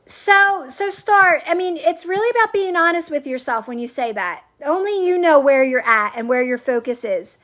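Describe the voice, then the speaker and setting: A woman coaches viewers on a livestream, casually chatting, answering comments and repeating her phrases to reassure them. Her voice is high, expressive and fairly bright, at a normal speed with hardly any pauses.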